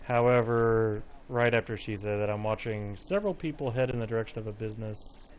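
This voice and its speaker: A man's voice: lowish voice, a little fast, poor audio. A man giving casual, rambling live commentary while streaming a game from home, now and then breaking off to talk to his cat. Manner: chatty, rambling, breaks off to coo at his pet. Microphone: personal mic close to him.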